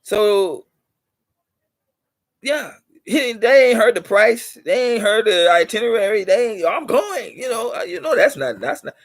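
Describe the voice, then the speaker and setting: High-voiced, animated and unhurried, with some vocal fry, this middle-aged man hosts his own channel and there's no room sound. He talks to viewers in a rambling, preachy monologue that repeats its points and gets livelier to drive them home.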